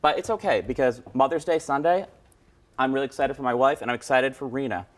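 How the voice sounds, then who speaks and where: A man's voice: medium pitch, quick pace. A man in his thirties chatting as a studio guest, telling rambling, teasing stories. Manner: playful, teasing, rambling anecdotes. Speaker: radio host guest. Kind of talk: joking casual chat. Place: TV news studio.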